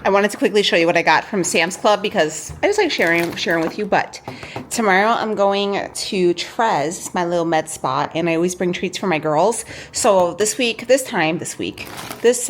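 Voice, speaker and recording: A chatty woman vlogger talks through her shopping haul in a lowish voice. She rambles and rants, dropping "okay?" asides as she goes. A faint noise sits under the recording. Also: animated, moderate pace. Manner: chatty, ranting, lots of fillers like "okay?". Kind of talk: casual chat.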